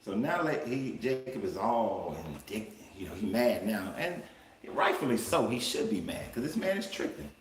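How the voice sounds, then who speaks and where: A man's voice: lowish voice, very animated, normal speed, recorded from a distance. A man hosting a live-streamed Bible commentary, talking emphatically and colloquially and firing off rhetorical questions. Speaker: life coach and livestream host. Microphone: livestream setup. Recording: roomy room with faint background noise.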